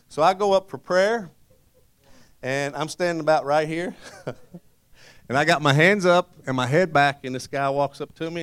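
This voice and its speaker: A middle-aged man preaching a sermon, telling his testimony in an animated way and laughing often. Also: fairly high pitch. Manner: storytelling with frequent laughter, animated.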